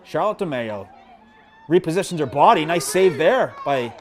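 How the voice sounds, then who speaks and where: A man doing live play-by-play commentary at a high school field hockey game, chatty and self-deprecating, joking with the viewers between plays. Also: animated, moderate pace. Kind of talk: live local sports commentary. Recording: crowd noise behind.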